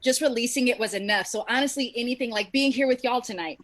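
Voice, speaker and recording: A woman's voice: on the high side, quick pace, fairly bright tone. A woman singer and educator on a video call, talking about her path in a heartfelt, reflective way. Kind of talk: casual panel chat.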